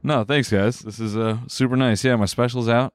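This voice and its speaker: A man's voice: medium pitch, fairly even intonation, normal speed, dry recording, studio quality. A man in his thirties hosting a podcast, laid-back and joking, laughing often. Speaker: podcast host. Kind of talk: casual chat.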